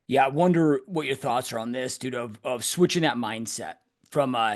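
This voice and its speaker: A casual male podcast host asking his guest questions over an online call. He talks at an ordinary pitch and keeps slipping "dude" and "you know" into his sentences. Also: moderate pace. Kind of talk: podcast conversation. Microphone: online call mic.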